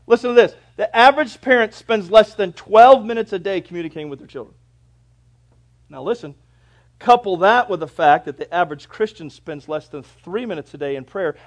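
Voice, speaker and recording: A middle-aged male pastor preaches a sermon in a preacherly style, swinging from loud, emphatic lines to low, quiet drops and drawing scripture quotes out slowly.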